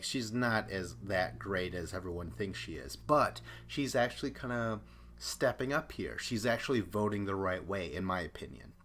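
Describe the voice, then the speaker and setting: A man's voice: fairly low pitch, a bit bright. A young man hosting a podcast, giving a chatty, opinionated recap and acting out the quotes. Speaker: podcast host. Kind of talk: casual recap commentary.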